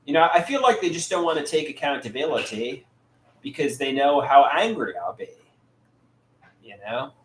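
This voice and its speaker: A man talking live to viewers in a lively, up-and-down voice, stumbling over his words and repeating himself as he answers the chat. The room rings with a noticeable echo, and a faint noise sits underneath. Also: medium pitch. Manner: halting, repeats words and restarts often. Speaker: livestream host reading chat.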